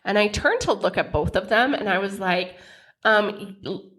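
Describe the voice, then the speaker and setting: A woman's voice: medium pitch, a little fast, a bit bright. A woman, co-hosting a podcast and telling stories in a playful, chatty way. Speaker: podcast co-host. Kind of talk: casual chat.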